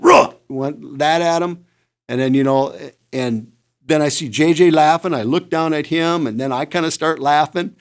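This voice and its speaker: A man on a podcast telling a hunting story in casual talk, animated and imitating deer calls now and then. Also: mid-range voice. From Midwest United States. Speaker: podcast co-host, hunter.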